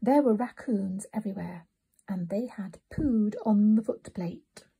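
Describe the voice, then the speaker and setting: A woman narrating a children's storybook in a soft, often whispered reading voice. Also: medium pitch, unhurried, vocal fry, breathy edge.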